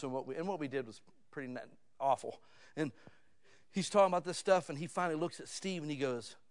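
Fifty-something male preacher telling stories. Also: mid-range voice. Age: 50s. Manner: storytelling, swings from hushed to loud and excited; conversational, addresses listeners as "guys". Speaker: pastor. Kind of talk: sermon.

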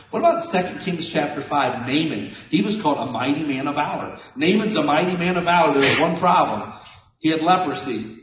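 A middle-aged man preaching a sermon as a pastor, animated and folksy, swinging between loud and soft. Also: a little high, fairly quick, a little hiss or hum. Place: church sanctuary. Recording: echoey church hall from a distance.

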